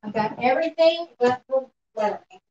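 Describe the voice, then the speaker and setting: A woman running a live painting demo in her art studio, relaxed and often murmuring to herself as she works. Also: high-pitched, brisk, highs cut off, faint music behind. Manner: relaxed, talks to herself while working, often quiet and off-mic. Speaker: painting instructor.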